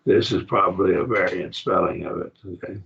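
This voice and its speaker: A man teaching a Greek grammar class, explaining words slowly and checking in with his students. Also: low-pitched, gravelly, a bit bright, slight background noise. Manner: slow, explanatory, repeats words and checks with "okay?" and "see?". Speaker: Bible college Greek teacher. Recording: dull lo-fi classroom recording.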